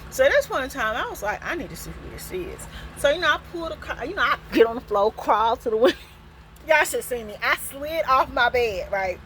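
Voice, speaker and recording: A woman vlogger tells a personal storytime in a casual, animated way. Her voice is bright and fairly high, and her pitch swings widely as she laughs her way through it. There is a faint background noise behind her. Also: rough recording. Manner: animated, expressive, laughs often.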